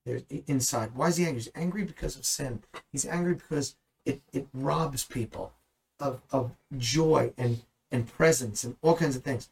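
A man's voice: mid-range voice, moderate pace, vocal fry, slightly rough, poor audio. A man teaching the Bible in a conversational way, earnest and at times emphatic. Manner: earnest, rising to emphatic bursts.

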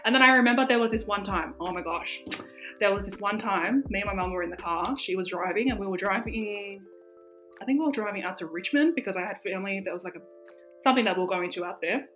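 A young woman talks on a casual podcast, pitched at a middling height. She tells her stories animatedly, packed with "like" and the odd swear word. Soft music plays faintly underneath. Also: quick pace. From Australia. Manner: animated storytelling, heavy fillers and swearing. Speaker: podcast co-host. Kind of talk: casual chat.

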